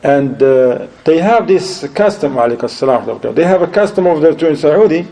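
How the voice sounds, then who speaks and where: A man lecturing to an audience, telling stories in a lively way, laughing often and sprinkling in Arabic religious phrases. His voice sits a bit high for a man. It also has a mellow, warm tone. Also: normal speed, creaky, rough recording. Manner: animated, acts out quoted voices, laughs often. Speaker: Islamic lecturer.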